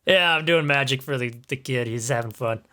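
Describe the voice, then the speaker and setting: Man, tabletop player, easygoing, mid-pitch voice. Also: fairly quick, pushed and bright. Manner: easygoing, chuckling. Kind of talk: tabletop game chat.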